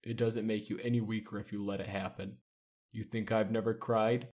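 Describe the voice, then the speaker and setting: A man voicing a calm, supportive young male team leader who speaks gently and reassuringly. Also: on the low side, moderate pace, close to an everyday voice. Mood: gentle.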